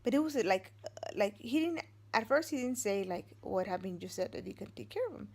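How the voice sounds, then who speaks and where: A woman's voice: medium pitch, expressive, a little fast, breathy edge. A woman in her forties, a vlogger and mother of three, telling a story casually, rambling with many fillers and restarts and acting out what others said.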